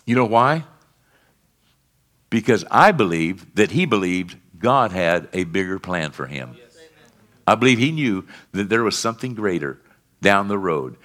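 A male pastor preaching a sermon, calling out to the congregation for responses and swinging between fervent peaks and quiet lows. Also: sing-song, measured pace, long pauses. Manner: rises to fervent emphatic peaks, then drops low and quiet.

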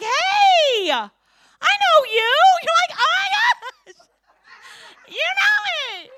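Bright, high-voiced woman preaching. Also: dry recording, studio quality. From St. Louis, USA. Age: 50s. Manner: lively, joking, asks the crowd questions. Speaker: preacher and kindergarten teacher. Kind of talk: sermon.

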